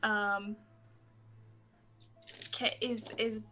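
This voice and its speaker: A woman's voice: mid-range voice, little pitch movement, drawn-out words, bright, forceful tone, lo-fi sound, faint music behind. A woman playing a tabletop game, asking questions hesitantly with lots of ums. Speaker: player.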